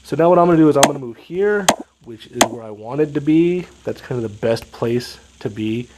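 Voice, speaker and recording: A man's voice: mid-range voice, expressive, a little fast, heavy background noise. Stuffed-up man commenting on gameplay. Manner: analytical, explaining moves step by step. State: stuffed up, sniffling. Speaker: strategy game commentator.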